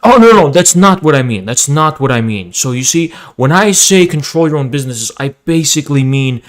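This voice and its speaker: A man's voice: a little high, animated, fairly quick, voice pushed down, close to an everyday voice. A man voicing a condescending leftist who hedges and talks down to people. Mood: smug. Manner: patronizing, hedging.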